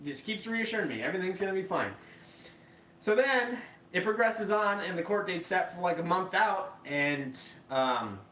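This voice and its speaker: A podcast host tells a story with a bright, cutting tone, throwing in profanity and playing out each quoted line. He sits a bit far from the mic in a reverberant room. A faint hiss sits underneath. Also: high voice, normal speed. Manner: profane, animated, acts out quoted voices. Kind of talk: casual storytelling.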